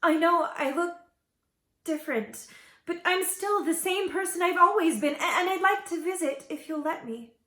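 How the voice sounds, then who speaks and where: A woman's voice: very high-pitched, moderate pace, sharp tone, roomy sound, pitched above the performer's own voice. A woman voicing a sweet young princess, earnest and often tearful. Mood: sad, earnest.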